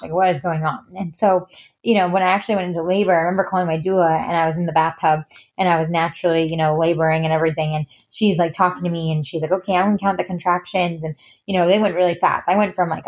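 A woman's voice: lowish voice, fairly even intonation, quick pace. A woman in her thirties, a podcast guest telling a personal story in a candid, chatty way, full of "like" and "you know". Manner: chatty, heavy use of fillers like "you know" and "like".

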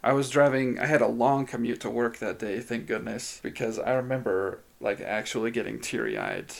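A man's voice: mid-range voice, expressive, moderate pace, creaky. A man co-hosting a podcast in casual chat, telling stories in a chatty way with lots of "like". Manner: chatty storyteller, says "like" often. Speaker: podcast co-host.

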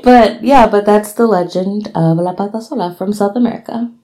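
A woman's voice: medium pitch, moderate pace. A young woman co-hosting a podcast, chatting casually and giggling as she retells a legend. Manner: giggly, relaxed, with fillers. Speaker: podcast co-host. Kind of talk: casual chat, telling a legend.

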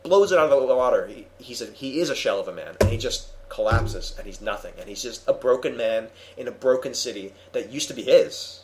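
A man hosting a casual comics discussion, retelling a story with animated enthusiasm and many restarts. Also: medium pitch, a little fast, few pauses, slight background noise. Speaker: podcast host reviewing comics. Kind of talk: casual chat.

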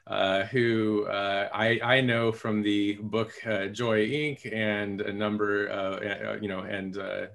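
Gravelly-voiced male podcast host. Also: on the low side, a bit bright. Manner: halting, many fillers and restarts. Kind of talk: podcast introduction.

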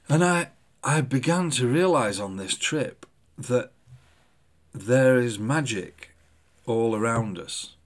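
A man, a poet hosting his own podcast, telling a travel story in an animated, enthusiastic way with many fillers. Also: mid-range voice, takes it slowly, pauses often. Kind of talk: reflective storytelling.

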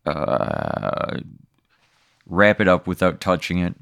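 Man, podcast guest, low voice, hesitant, thinking aloud, dry close sound. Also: sing-song, slow pace, creaky, fairly bright tone, clear, resonant tone, no echo. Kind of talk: casual improvised conversation.

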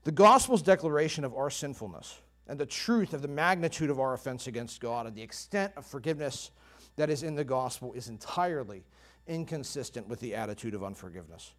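A man's voice: medium pitch, lively intonation, a little fast. A man preaching a sermon in an earnest, emphatic way, pressing hard on his key points. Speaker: pastor.

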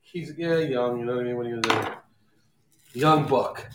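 A man's voice: medium pitch, fairly quick, background noise. A man co-hosting a casual podcast, talking in a laid-back, rambling way about coaching. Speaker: podcast co-host and youth coach.

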